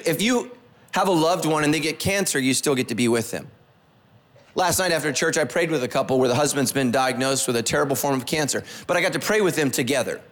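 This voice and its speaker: A man's voice: fairly high pitch, fairly bright tone, big-room sound. A male pastor giving a conversational sermon, repeating phrases and asking the congregation questions. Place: church sanctuary.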